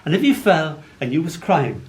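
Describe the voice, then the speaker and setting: An Irish poet in his sixties, whose voice is on the high side, tells playful stories at normal speed between poems at a live reading. He adds animated comic asides for an audience in an arts venue hall, where the roomy sound carries faint background noise.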